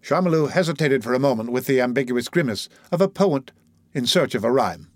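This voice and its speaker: A man reads a classic novel aloud in measured, dramatic audiobook narration. His voice sits at a middle pitch and is heard close and dry, with no room around it. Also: lively intonation, no room sound.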